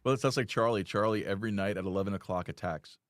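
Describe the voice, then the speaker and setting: A man's voice: fairly low pitch, quick pace, dry recording, clean studio sound. A man hosting a podcast interview, affable, chuckling and chiming in with short reactions. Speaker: podcast host. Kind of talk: casual interview chat.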